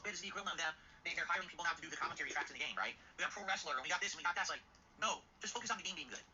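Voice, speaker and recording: A man's voice: very fast, bright, forceful tone. A man ranting angrily and profanely on a livestream. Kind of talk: ranting stream clip. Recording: muffled low-fi stream audio with faint noise.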